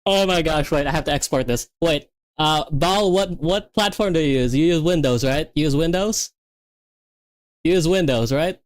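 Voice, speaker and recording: A young woman streaming herself coding, talking excitedly and repeating herself as things work or fail. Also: low voice, moderate pace, dry recording. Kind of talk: livestreamed coding session chat.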